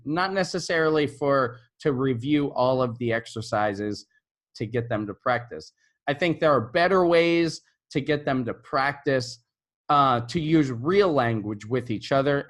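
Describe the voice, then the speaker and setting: A man who is an English teacher, giving teaching tips to camera in a relaxed, conversational way and often checking in with "right?". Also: medium pitch. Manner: models intonation by repeating example phrases.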